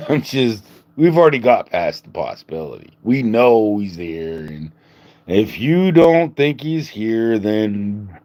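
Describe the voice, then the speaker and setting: A man's voice: on the low side, sing-song, slow, warm tone. A man hosting a livestream, rambling in a joking, casual way, laughing often and swearing. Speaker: livestream host. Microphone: phone.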